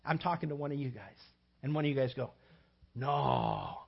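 A man's voice: fairly high pitch, quick pace, slightly rough, highs cut off. A male pastor preaching a sermon, acting out everyday scenes with playful shifting voices. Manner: animated, acts out little scenes with shifting voices.

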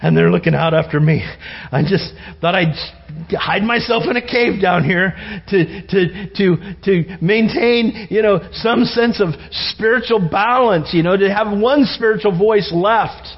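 A man's voice: high voice, a little slow, vocal fry, breathy edge, heavily acted. A man preaching, acting out a frightened, self-pitying prophet who pleads and rambles, on a dull lo-fi recording. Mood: pleading.

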